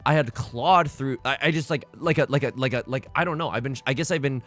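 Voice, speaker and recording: A young man giving casual, self-mocking commentary over a mahjong game, jokey and animated. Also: mid-range voice, fairly quick. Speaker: mahjong streamer. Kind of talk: casual let's-play commentary.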